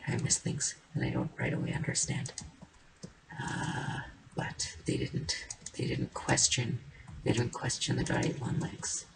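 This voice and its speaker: A woman giving casual, rambling commentary while building in a game, playful, with sing-song noises and soft murmured asides. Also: extremely low pitch, vocal fry, background noise. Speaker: game streamer. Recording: keyboard and mouse clicks behind the voice.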